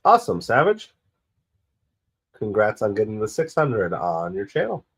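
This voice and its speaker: A middle-aged man with a cold, hoarse and stuffy, hosting a live stream and chatting casually through the play-by-play. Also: moderate pace. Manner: rambling, excitable about pitches.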